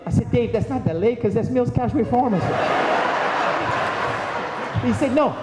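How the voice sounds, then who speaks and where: In a large, echoey church recorded from a distance, a man with a very high-pitched, expressive voice gives a eulogy full of anecdotes. He speaks unhurriedly, pausing often and acting out quoted voices, with crowd noise in the background.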